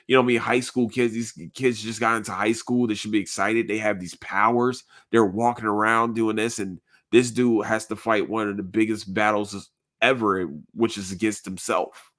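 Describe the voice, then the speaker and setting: A man's voice: lowish voice, fairly bright tone. A man hosting a podcast in casual chat, earnest and rambling, full of slang and swearing. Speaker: podcast host.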